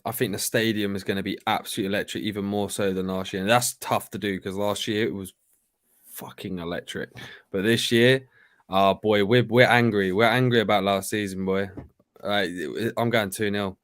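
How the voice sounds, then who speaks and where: A man chatting excitedly about football, using slang and swearing. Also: on the low side, a little fast, no echo, clean studio sound. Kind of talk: casual football chat.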